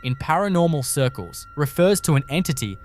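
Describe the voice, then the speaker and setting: A man narrating a horror compilation in a slow, ominous storytelling style, with scripted delivery. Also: on the high side, expressive, a little mellow, soft background music.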